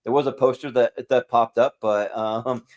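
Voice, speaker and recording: A man's voice: mid-range voice, steady tone, normal speed, darkish tone. A man hosting a movie podcast, talking casually and rambling through plans. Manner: rambling, many fillers and restarts. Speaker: podcast host. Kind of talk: casual chat.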